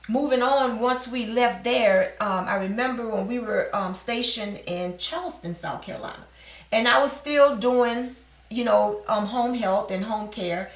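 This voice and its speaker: A middle-aged woman from New Orleans, a business owner telling her personal story in an interview, animated and acting out the dialogue she quotes. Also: mid-range voice, distant mic. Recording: echoey room.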